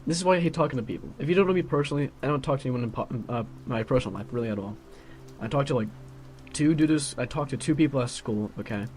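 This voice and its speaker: A man's voice: mid-range voice, expressive, fast talker, a little mellow, soft background music. Grumbling teen guy rambling with filler. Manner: grumbling, filler-heavy with constant "like". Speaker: vlogger. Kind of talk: casual rambling monologue.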